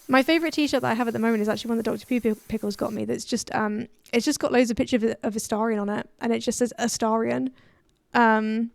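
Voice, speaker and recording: A woman's voice: a little high, creaky, no echo. A woman streaming a game, chatting casually, giggling and reading chat aloud, her voice a little worn. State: voice a bit worn.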